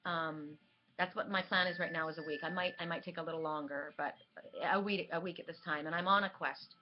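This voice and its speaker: A woman's voice: low voice, steady tone, a little fast, slight background noise. Woman vlogger, rambling earnest chat, dull home recording. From Southern California. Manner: rambling, earnest, many fillers and restarts. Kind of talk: casual spiritual vlog talk.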